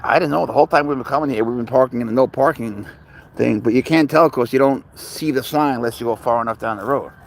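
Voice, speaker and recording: A man's voice: medium pitch, fast, creaky, a little hiss or hum, poor audio. A man hosting a casual live stream outdoors on a walk with his cat, rambling easily through viewer questions and baby-talking his pet. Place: outdoors on a walk near a road.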